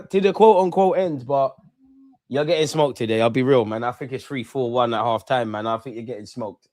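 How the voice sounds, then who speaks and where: A young man, hosting a live football watch-along. He chats casually and excitedly in slang, speaking straight to his viewers. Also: mid-range voice. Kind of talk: casual live-stream chat and commentary.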